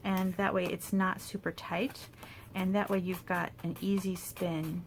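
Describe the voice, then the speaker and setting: A woman demonstrating paper crafts in a casual tutorial, chatty and thinking aloud with soft asides under her breath. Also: on the low side, little pitch movement, measured pace, slight background noise.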